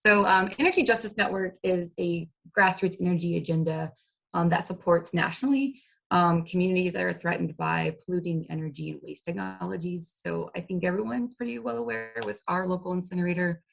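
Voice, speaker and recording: A woman's voice: fairly low pitch, fairly quick, gravelly. A woman, an environmental organizer speaking casually on a panel, with many fillers. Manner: casual, filler-heavy advocacy talk. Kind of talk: online panel talk.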